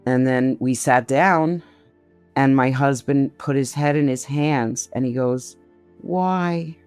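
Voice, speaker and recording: A woman in her sixties slowly recounting a painful personal memory in an interview, often quoting what others said. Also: rumbling low, steady tone, darkish tone, clean tone, no echo, soft background music. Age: 60s. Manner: slow, grief-laden retelling, quoting others' words. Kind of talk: personal testimony.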